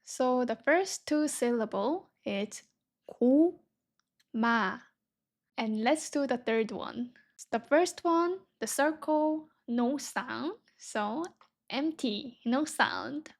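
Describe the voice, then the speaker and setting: A woman's voice: high-pitched, lively intonation, slow, creaky. A young woman teaching a beginner Korean reading lesson, patiently sounding words out syllable by syllable.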